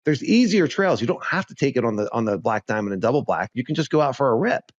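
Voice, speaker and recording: Male co-host, lively and chatty, dry lo-fi mic sound. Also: medium pitch, quick pace, no echo. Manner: animated, laughs often, repeats himself. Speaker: podcast co-host. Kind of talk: casual chat.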